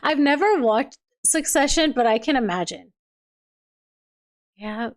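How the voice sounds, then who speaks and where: High-voiced woman chatting on a livestream. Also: animated, measured pace. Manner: chatty, laughs often, trails off and restarts. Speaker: livestream host reading viewer comments. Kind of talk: casual chat.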